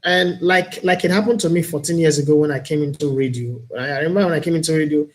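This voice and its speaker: Opinionated Nigerian male talk host, higher pitch. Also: fast. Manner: earnest, opinionated, reflective. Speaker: host and broadcaster. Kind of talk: live-streamed talk show monologue.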